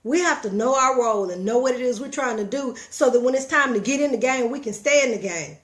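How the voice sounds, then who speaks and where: A middle-aged woman giving a folksy, preachy motivational talk with animated storytelling. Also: a little high, fast. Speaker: motivational vlogger.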